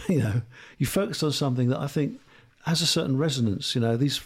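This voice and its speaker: A man from Lowestoft with a Suffolk accent, asking questions in a roundabout, musing way as a student interviewer on an informal podcast. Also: lively intonation, brisk, breathy edge. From Lowestoft, England.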